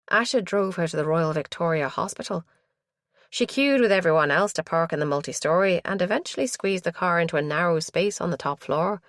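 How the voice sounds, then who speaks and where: Woman narrator, low voice, measured thriller reading, dry studio sound. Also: no room sound. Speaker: audiobook narrator. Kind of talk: scripted narration.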